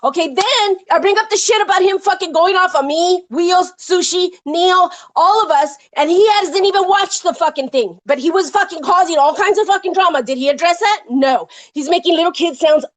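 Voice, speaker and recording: A woman with a notably high voice delivers a heated, profanity-laced rant on her live stream. She talks in rapid bursts of complaint, calling out a rival with no pause for calm. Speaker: livestream host.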